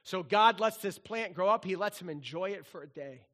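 Brief: middle-aged male pastor, high bright voice, animated, playful sermon delivery. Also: normal speed. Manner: animated, playful storytelling with sung bits.

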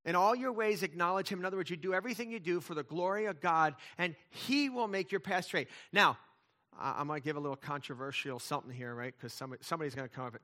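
A man's voice: a little high, fast talker, bright, forceful tone. A middle-aged male pastor preaching a sermon, emphatic, with intensity that swells and drops back.

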